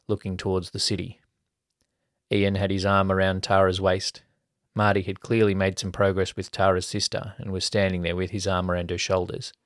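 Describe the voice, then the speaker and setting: A man reading an erotic story aloud as a podcast narrator, in an even storytelling manner. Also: low voice, no echo, studio quality. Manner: even storytelling, colloquial mates' banter.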